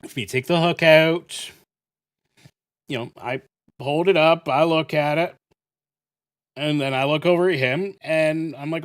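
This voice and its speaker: A man's voice: a little high, measured pace, long pauses. A man hosting a gaming channel, telling a rambling, profane story full of fillers. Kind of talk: casual storytelling while playing.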